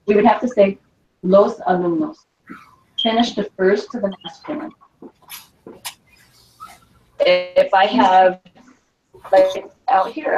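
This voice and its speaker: A woman's voice: lowish voice, darkish tone. A woman teaching a Spanish class, explaining in a chatty way and checking in with the class with frequent "okay?". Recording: distant, dull lo-fi classroom recording.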